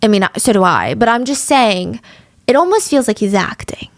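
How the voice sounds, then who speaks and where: A woman's voice: fairly high pitch, animated, moderate pace, no echo. A woman hosting a true-crime podcast, chatty and opinionated, who sometimes drops her voice to a whisper. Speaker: podcast host.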